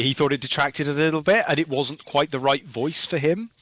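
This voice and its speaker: A man's voice: on the high side, fairly quick. A man guesting on a podcast, chatting casually and telling stories with frequent laughter. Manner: chatty, laughs often, lively storytelling. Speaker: game developer guest.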